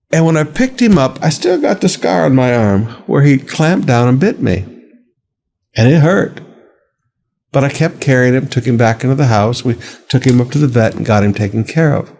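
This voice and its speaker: A man's voice: mid-range voice, darkish tone. A male pastor delivers a daily devotional with a mid-range voice. He preaches conversationally, calling his listeners beloved, and leans into key words with rising dramatic emphasis. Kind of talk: devotional sermon.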